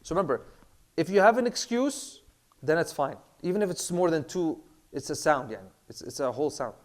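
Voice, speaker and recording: A man teaching an online class on Islamic prayer law in a relaxed way. He mixes Arabic terms into his English, with many fillers and repeated words. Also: on the high side, fairly quick. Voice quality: clears throat, says he has a bad throat. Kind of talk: casual classroom lecture.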